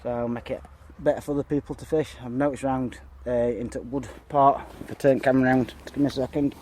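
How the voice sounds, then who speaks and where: A man's voice: mid-range voice, fairly even intonation, fairly quick, darkish tone. Man, out of breath, outdoors, handheld camera, rambling vlog talk, faint outdoor noise. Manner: rambling, chatty, lots of uh and so. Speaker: fishing vlogger. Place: outdoors by a pond.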